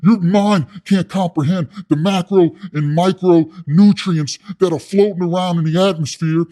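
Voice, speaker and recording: A man putting on a loud cocky prison coach. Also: high-pitched, steady tone, moderate pace, voice pushed up, natural voice. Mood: bossy boasting. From California. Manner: loud, aggressive, boastful, calls others soft boy. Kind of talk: comedic impression.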